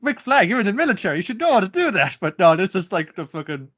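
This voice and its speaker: A man's voice: high voice, very animated, fast talker, fairly bright tone. Rambling, jokey man co-hosting. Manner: rambling, jokey, acts out lines. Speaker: podcast co-host. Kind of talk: casual chat.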